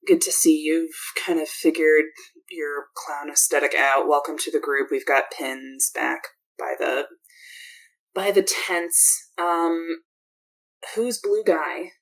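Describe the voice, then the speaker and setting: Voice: medium pitch, slow, rough recording. A game master voicing an exhausted, sarcastic woman who works as a medic in a clown troupe, talking in a dry, weary way that trails off. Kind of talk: tabletop game role-play.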